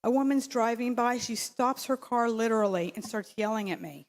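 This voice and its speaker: A woman's voice: fairly high pitch, fairly even intonation, moderate pace, few pauses. Woman, public comment, council chamber, podium mic, insistent, rambling, fillers and restarts. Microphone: podium microphone.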